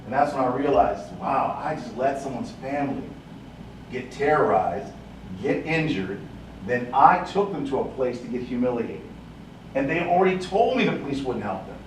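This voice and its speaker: A man speaks at a conference in a storytelling style, animated and quick to act out the people in his tale. His voice sits at an ordinary pitch and carries the echo of a reverberant hall, picked up from a distance. Faint room ambience hangs behind him. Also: a little hiss or hum. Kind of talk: storytelling talk with acted quotes.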